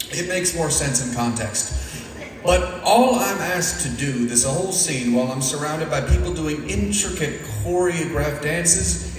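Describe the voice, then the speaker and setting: A young man doing a self-deprecating stand-up comedy set with a deadpan delivery on stage. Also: on the high side, slight background noise. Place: stage in an echoey venue. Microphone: picked up from a distance. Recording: echoey hall from far off.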